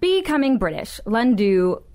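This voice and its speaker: A woman's voice: on the high side, sing-song, unhurried, mellow. A woman hosting a lighthearted interview, bubbly and enthusiastic, keen on puns. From United States. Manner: bubbly, enthusiastic, pun-loving. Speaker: interviewer host.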